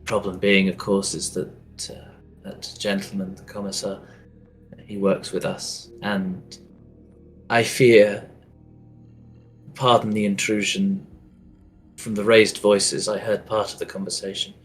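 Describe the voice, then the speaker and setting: A man's voice: on the low side, flat delivery, slow, pauses often, faint music behind. A man voicing a humble, polite young male acolyte who speaks carefully and apologetically. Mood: humble concern.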